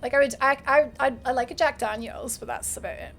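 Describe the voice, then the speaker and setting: A woman's voice: high-pitched, fairly quick, fairly bright tone, soft background music. A young Scottish woman streaming a game, chatting casually with her chat and laughing often. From Scotland.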